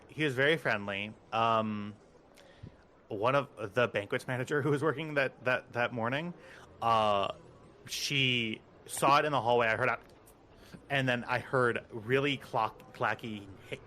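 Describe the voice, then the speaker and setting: A man chatting casually and then narrating as game master, rambling and animated with many fillers. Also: medium pitch, normal speed, a little hiss or hum.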